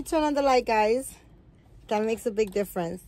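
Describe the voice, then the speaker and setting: A woman's voice: on the high side, lively intonation, normal speed, darkish tone, slight background noise. A woman vlogging at home as she unboxes a gift, gushing and filling her talk with "like" and "um.". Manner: gushing, full of "like" and "um" fillers. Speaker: doll channel vlogger. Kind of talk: casual unboxing vlog. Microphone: phone or camera set nearby.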